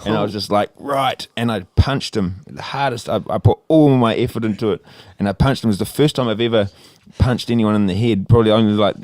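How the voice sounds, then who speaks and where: A man's voice: lowish voice, fast talker, few pauses, a little mellow, no room sound, clean studio sound. A young Australian man telling a long story in casual podcast chat, rambling, laughing and swearing freely. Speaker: podcast co-host.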